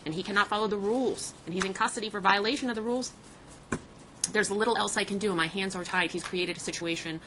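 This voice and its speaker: A woman's voice: mid-range voice, fairly even intonation, fast, background noise. A woman serving as a family court judge in a courtroom, firmly explaining her rulings and procedure to counsel.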